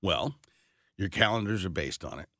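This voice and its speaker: A blunt, folksy man with a Midwestern accent, trading banter as co-host of a radio show. His voice is low and swings widely in pitch as he presses his point. The sound is close and dry from a studio mic. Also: animated, normal speed, sharp tone, dry recording. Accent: Midwestern American. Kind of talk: casual talk radio banter. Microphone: studio broadcast mic.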